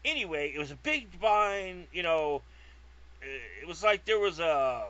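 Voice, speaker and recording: A man's voice: on the high side, very animated, measured pace, pushed and bright. A man from California telling a rambling, comic story, digressive, profane and self-mocking, recorded on a lo-fi track. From California, USA. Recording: lo-fi dull sound.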